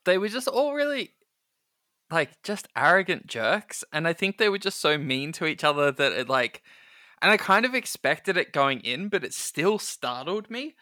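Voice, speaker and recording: A man's voice: a little high, sing-song, normal speed, sharp tone, dry recording, clean studio sound. A man co-hosting a podcast in casual chat, talking loosely with many fillers and little laughs. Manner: chatty, filler-heavy, amused. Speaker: podcast co-host.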